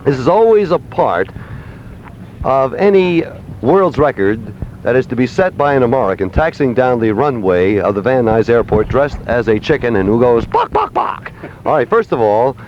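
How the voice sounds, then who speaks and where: A man's voice: mid-range voice, expressive, normal speed, a little mellow. A man hosting a zany live morning radio broadcast outdoors at an airport, hamming it up theatrically and leading a crowd in chants. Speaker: radio morning show host. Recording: muffled lo-fi radio aircheck with faint noise.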